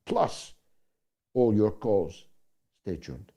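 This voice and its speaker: A man hosting a talk show, speaking deliberately and sardonically with drawn-out pauses. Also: fairly low pitch, big pitch swings, creaky.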